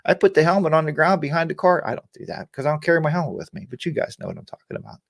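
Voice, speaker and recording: A man's voice: fairly high pitch, very animated, very fast, gravelly, dry recording, studio quality. A man hosting a casual motorcycle live chat, getting worked up and ranting while answering viewers by name. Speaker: live chat show host.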